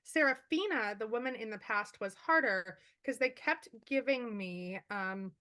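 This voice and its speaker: Author guest, female, lively anecdote-teller, bright tone, on a call. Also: on the high side. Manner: fast, animated storytelling with many fillers. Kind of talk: casual chat.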